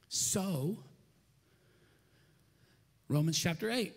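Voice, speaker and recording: A pastor preaching a sermon with passion, building rhythmic lists and dropping to near-whispers for emphasis. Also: male voice, mid-range voice, lively intonation, measured pace, pauses often, breathy edge. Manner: repeats phrases in rhythmic lists. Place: church auditorium. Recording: long reverb of a large hall.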